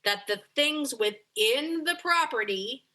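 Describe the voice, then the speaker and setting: Woman dog trainer coaching a client, high bright voice, animated, does little voices for the dog. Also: slow pace. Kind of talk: coaching call.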